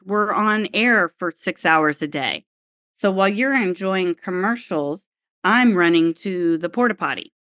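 A woman guest on a podcast, telling a story in an animated way and acting out the voices in her dialogue. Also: on the low side, no room sound. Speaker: guest, former TV crew member.

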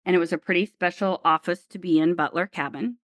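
A woman with a fairly low-pitched voice tells an anecdote on a podcast. She throws herself into it and acts out the lines of everyone in the story. The sound is close and dry, with no room around it. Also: quick pace, no room sound. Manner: animated storyteller acting out dialogue. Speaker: guest, former TV crew member.

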